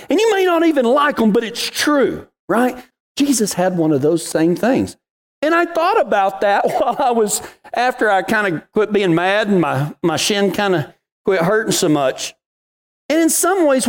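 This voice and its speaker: A middle-aged man giving a folksy devotional talk, telling a story in cowboy slang before turning to scripture. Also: extremely high pitch. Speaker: devotional podcast host.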